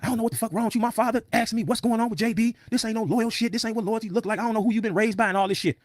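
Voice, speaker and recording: A man imitating an angry woman who rants loudly and profanely at him. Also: sits high, rapid-fire, dry recording, pitched above the performer's own voice. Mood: angry ranting. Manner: loud, accusing, profane. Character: angry woman ranting in a parking lot.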